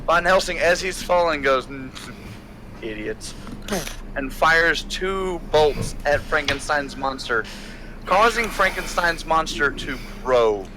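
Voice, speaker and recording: A man's voice: a little high, unhurried, background noise. A man narrating a tabletop role-playing game as game master, playful and often laughing.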